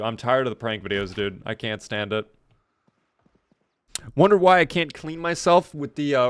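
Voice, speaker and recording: A man's voice: medium pitch, fairly bright tone, smooth. Chatty man streaming a game. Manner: playful, chatty, talks to chat and thanks viewers. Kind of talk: live gameplay commentary.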